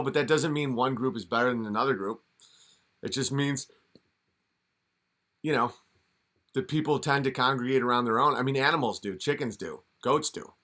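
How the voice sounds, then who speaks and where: A man's voice: medium pitch, sharp tone. A man ranting and mocking in a commentary video, often slipping into sarcastic impressions.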